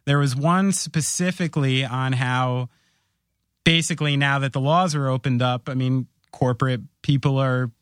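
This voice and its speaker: A man hosting a podcast, telling stories in a rambling, animated way during casual chat. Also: mid-range voice, normal speed, clean tone, dry recording, clean studio sound. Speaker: podcast host.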